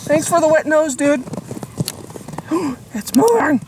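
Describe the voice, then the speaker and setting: A woman vlogging while ice fishing on a frozen lake, bubbly and squealing with excitement. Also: sits high, slow. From Colorado, USA. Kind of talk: excited outdoor vlog. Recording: loud background noise.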